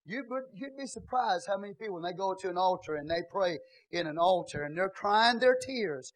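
A man preaching a sermon as pastor in a church, dropping to quiet asides and rising to loud shouts. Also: high-pitched, expressive, moderate pace, dry recording, low-quality recording.

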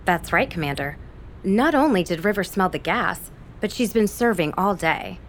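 A woman playing a practical, gravelly freedom fighter officer. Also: fairly low pitch, lively intonation, normal speed, a little hiss or hum. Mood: brisk.

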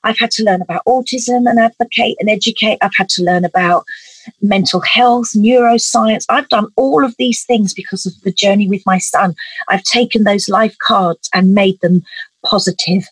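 A woman's voice: mid-range voice, steady tone, moderate pace, breathy edge, dry recording, poor audio. A middle-aged woman, telling an emotional personal story as an interview guest in an earnest, vivid way. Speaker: guest, parent advocate.

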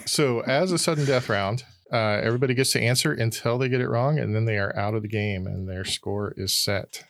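A man hosting a trivia quiz on a podcast, brisk and dry in casual banter. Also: medium pitch, gravelly, a bit bright, no echo. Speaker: quiz host.

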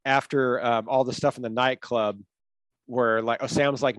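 A man's voice: medium pitch, moderate pace, fairly bright tone, no room sound. A man in casual film discussion, retelling scenes with lots of fillers and acting out the lines.

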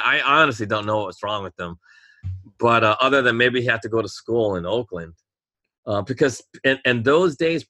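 A man's voice: mid-range voice, pushed and bright, no echo. A man, rambling through stories in casual chat, drawing words out and laughing often.

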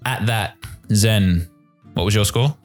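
A man running a tabletop game as game master, describing scenes in a relaxed way with casual fillers. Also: on the low side, slow pace, faint music behind.

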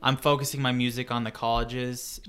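A man's voice: medium pitch, level tone, moderate pace, a bit bright. A young man, a guest music producer, talking casually in a laid-back, rambling way full of fillers. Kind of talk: casual chat.

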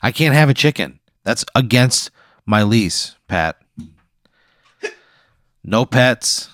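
A man's voice: mid-range voice, expressive, slow pace, a bit bright, no echo, studio quality. A man playing his character in an improvised tabletop game, exasperated and swearing a lot. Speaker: player. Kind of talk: improvised role-play.

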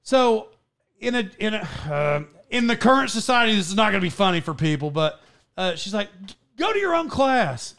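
High-pitched guy rambling thru a podcast story, laughs a lot, keeps restarting. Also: animated, a little fast, sharp tone, clear, resonant tone. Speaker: podcast host. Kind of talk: casual storytelling chat.

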